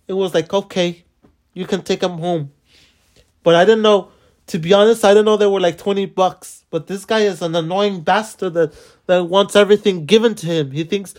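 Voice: mid-range voice, a little mellow. A podcast host in a casual venting monologue, swearing often and rambling through restarts and fillers in an exasperated, complaining way.

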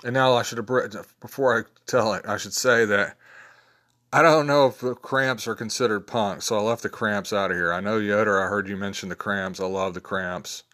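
A man's voice: steady tone, moderate pace, a bit bright. A man in his fifties talking casually and rambling through his favorite picks, with plenty of fillers and restarts. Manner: rambling, low-key, many fillers and restarts. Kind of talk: casual spoken list of favorites.

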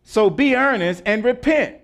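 Animated high-pitched male preacher. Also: measured pace. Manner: animated preaching with laughs and call-and-response. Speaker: pastor. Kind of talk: sermon.

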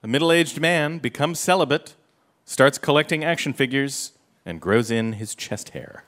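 A man co-hosting a quiz show, reading clues in a jokey, animated way. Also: medium pitch, unhurried. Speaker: game show co-host.

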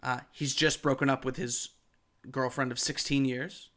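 A man's voice: medium pitch, level tone, normal speed, bright, forceful tone. A man co-hosting a podcast, casually explaining football news to his co-host with enthusiasm and plenty of fillers. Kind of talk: casual chat.

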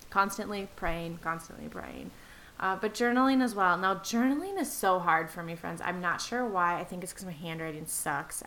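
A woman's voice: fairly low pitch, fairly bright tone, poor audio. A middle-aged woman hosting a reflective solo podcast, talking earnestly and encouragingly to her listeners as friends. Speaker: podcast host. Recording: faint hiss.

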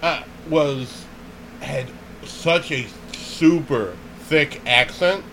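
A man's voice: on the high side, drawn-out words, slight background noise, rough recording. A man telling a funny story in casual chat, laughing often and acting out what people said. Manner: animated, laughs often, acts out quoted voices.

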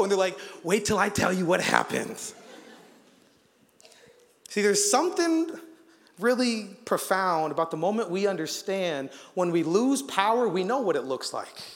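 Animated man preaching in a reverberant church hall. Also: high voice. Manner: animated storyteller, acts out quotes, frequent fillers. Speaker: guest preacher. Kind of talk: sermon with storytelling. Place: church auditorium.

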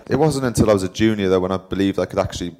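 A young Welsh pro cyclist, guesting at a live talk, tells stories in a rambling, self-deprecating way. His voice is low and a little mellow, and he talks very fast.

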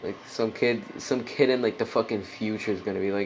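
A man rambles through a casual solo podcast, swearing freely and filling every gap with "like" and "dude". His voice sits fairly low with a gravelly fry. There is a faint hiss of noise behind him. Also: fairly even intonation, a little fast, few pauses, rough recording. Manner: rambling, profane, heavy on "like" and "dude". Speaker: podcast host.

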